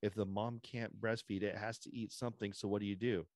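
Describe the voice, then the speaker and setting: A man's voice: fairly low pitch, flat delivery, fairly quick, no echo, clean studio sound. A man hosting a podcast in casual chat, opinionated and rambling, restarting his sentences often. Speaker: podcast host.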